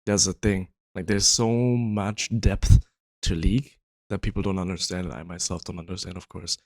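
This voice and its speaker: A man's voice: low-pitched, fairly even intonation, moderate pace, darkish tone, no echo. A man hosting his own video, explaining his views in a casual, rambling way with lots of fillers, his voice sounding worn and tired. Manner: rambling, frequent "you know" fillers. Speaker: video host.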